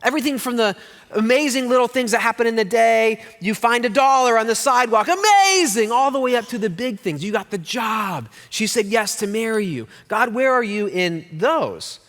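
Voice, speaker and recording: A man's voice: very high voice, normal speed. A middle-aged man preaching a sermon as pastor, telling stories with jokes and playful voices. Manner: animated storyteller with jokes and playful put-on voices. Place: church hall. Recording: long hall reverb.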